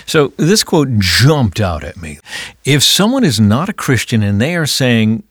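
Male host, husky lowish voice, dry close sound, thoughtful interviewer. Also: very animated, measured pace, dry recording. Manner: reflective, thoughtful questioning. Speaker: podcast host. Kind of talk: interview chat.

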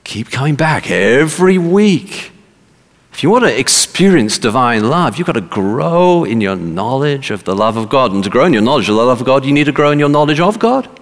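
A man's voice: medium pitch, sing-song, normal speed, big-room sound. A man preaching a sermon emphatically, repeating words for stress.

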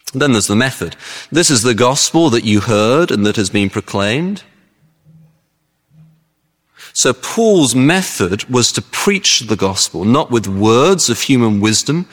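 A man preaching a sermon in a chatty, animated way, telling stories to make his points. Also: on the low side, big-room sound. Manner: conversational, animated storytelling with acted-out voices.

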